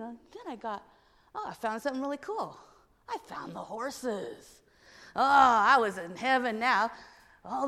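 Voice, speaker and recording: A woman telling an expressive story to children during a church service. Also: high-pitched, in a large hall.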